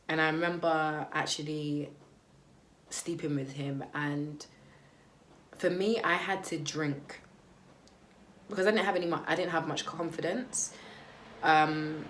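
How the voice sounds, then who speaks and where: A young woman tells her own story to camera in a candid, faltering way. Her voice sits low for a woman, with many "um"s and "like"s. A faint hiss runs under it. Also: fairly bright tone. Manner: candid, hesitant, lots of "um" and "like". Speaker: vlogger. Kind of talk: personal testimony to camera.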